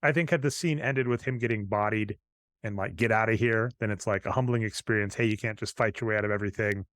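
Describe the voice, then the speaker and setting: A man's voice: lowish voice, quick pace, a bit bright, no room sound. A man co-hosting a podcast, casually retelling film scenes and quoting the characters' lines. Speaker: podcast co-host. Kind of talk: casual chat recapping a film.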